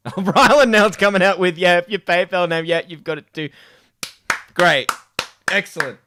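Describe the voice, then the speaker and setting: A man's voice: sits high, moderate pace, pushed and bright, slight background noise. An Australian man streaming, telling school stories with plenty of laughs and swearing. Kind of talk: casual chat on a live stream.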